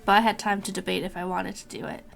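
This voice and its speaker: A young woman streamer chatting casually and rambling to her viewers, swearing now and then, with a gravelly voice. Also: medium pitch, little pitch movement, quick pace.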